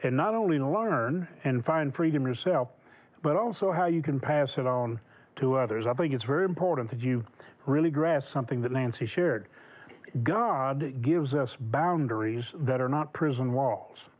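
A man's voice: mid-range voice, normal speed, darkish tone. A man hosting a Christian television talk show, speaking in an emphatic, preacherly way.

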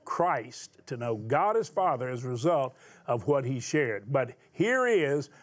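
A man's voice: medium pitch, big pitch swings, a little slow. Enthusiastic man hosting a talk show. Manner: enthusiastic, emphatic. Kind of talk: warm show introduction. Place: television studio before a live audience.

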